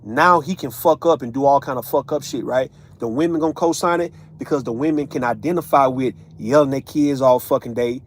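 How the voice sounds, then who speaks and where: A man's voice: mid-range voice, brisk, hardly any pauses. A man, ranting casually as an online commentator, profane and emphatic, tagging lines with right and man. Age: 30s.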